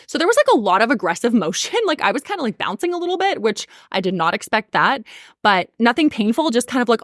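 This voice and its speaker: A woman's voice: mid-range voice, no echo, studio quality. A woman in her thirties telling a personal story on a podcast, earnest and emotional, with many casual fillers. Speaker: podcast host.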